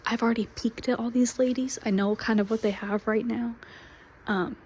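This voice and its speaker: A woman with a slightly high voice talks into her phone as she walks through a dark horse barn at night. She keeps it hushed, slipping often into a whisper. Faint hiss sits under the recording. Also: steady tone, moderate pace. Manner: talks softly, often whispering, to avoid disturbing mares. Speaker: horse breeder vlogger. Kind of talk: casual vlog, hushed late-night barn walk.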